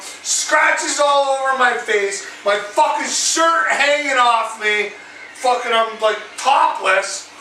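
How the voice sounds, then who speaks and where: A man hosts his own drinking vlog, swearing his way through a rambling, animated bar story. His voice sits high and sounds bright and sharp. It is recorded in a roomy, echoey space with faint background noise. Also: recorded from a distance. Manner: profane, rambling, animated retelling. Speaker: vlog host. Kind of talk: crude storytelling over drinks.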